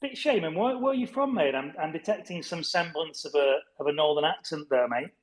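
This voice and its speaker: A man's voice: fairly high pitch, animated, a little fast, rough recording. A man from Wigan with a northern English accent, a chatty interview guest who calls everyone mate. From Wigan, Greater Manchester, England. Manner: chummy, says mate and buddy a lot, chatty. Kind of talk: casual online interview chat.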